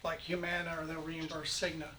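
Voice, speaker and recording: Committee presenter, man, a little high, casual halting delivery, recorded from a distance. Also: level tone. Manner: informal, halting explanations. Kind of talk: explaining at a public meeting. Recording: distant mic, faint noise.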